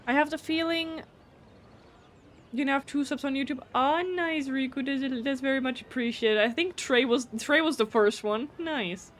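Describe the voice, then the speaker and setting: A chatty woman streams a video game live and talks casually with her viewers. Her voice sits a bit higher than most, and her manner is blunt, with casual swearing mixed in. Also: normal speed. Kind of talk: casual live gameplay commentary.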